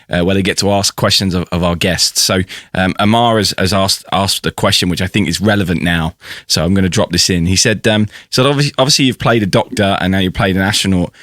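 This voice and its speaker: A man's voice: low-pitched, a little fast, fairly bright tone, no room sound, clean studio sound. A man hosting a podcast, interviewing a guest with brief, laid-back prompts. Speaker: podcast host.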